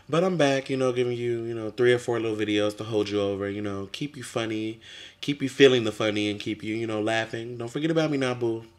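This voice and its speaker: A young man talking casually to camera as a vlogger, sassy and chatty, with drawn-out fillers. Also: medium pitch.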